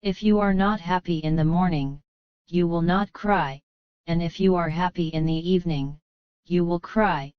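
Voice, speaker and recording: A woman's voice: fairly low pitch, steady tone, moderate pace, clear, resonant tone, no echo, close to an everyday voice. A woman reading the lines of a cheeky, mischievous young male martial hero in a plain storybook voice. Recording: slightly dull, muffled.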